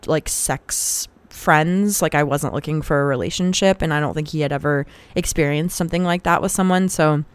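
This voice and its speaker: A woman's voice: sits low, clear, resonant tone, dry recording. A woman hosting a podcast who tells a personal story in a candid, casual way and swears freely. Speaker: podcast host.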